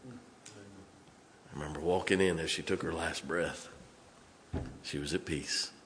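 A middle-aged man preaching a storytelling sermon in a church, folksy, swinging from loud to hushed. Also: sits low, slow pace, slight background noise. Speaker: pastor. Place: church sanctuary.

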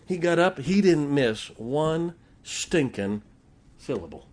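A man's voice: on the high side, big pitch swings, slow, a little mellow, slight background noise. A middle-aged man, preaching a sermon in church in a folksy storytelling manner. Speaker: pastor.

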